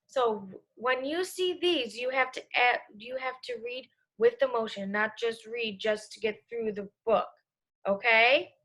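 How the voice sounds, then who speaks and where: A young woman teacher giving an online reading lesson to young children, speaking clearly and encouragingly. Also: on the high side, bright, forceful tone. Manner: slow, clear and encouraging, talks to kids.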